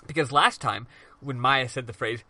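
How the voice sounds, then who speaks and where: A man's voice: mid-range voice, normal speed, pushed and bright, a little hiss or hum. A man hosting a podcast, casually recapping a game in a rambling, profane way full of "um"s. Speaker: podcast host.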